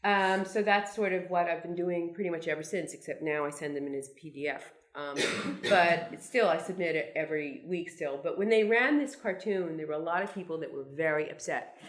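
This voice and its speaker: A woman's voice: fairly low pitch, fairly quick. A woman in her sixties from Brooklyn, a cartoonist telling wry, meandering, self-deprecating stories to an audience, with frequent restarts and asides. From Brooklyn, New York. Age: 60s. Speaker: cartoonist guest speaker. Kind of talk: anecdotal talk to an audience.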